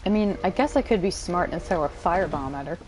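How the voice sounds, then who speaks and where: A woman's voice: fairly low pitch, lively intonation, fast talker, darkish tone, a little hiss or hum, rough recording. A woman casually commenting on her gameplay, chatty and jokey, with the occasional curse. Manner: chatty, joking, swears. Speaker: gamer.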